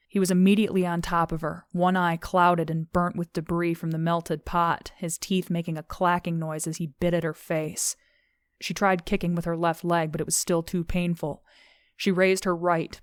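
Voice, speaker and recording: Woman reading an audiobook, low and pretty flat, smooth voice, dry close mic. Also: dry recording. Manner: steady, measured reading. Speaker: audiobook narrator. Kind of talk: scripted narration of a thriller novel.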